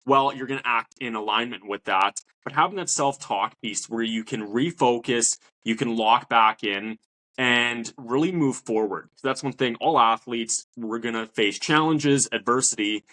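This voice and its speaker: A man's voice: mid-range voice, normal speed, pushed and bright. A man hosting a podcast, a mental performance coach who talks in a motivational, coaching way. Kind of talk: interview talk.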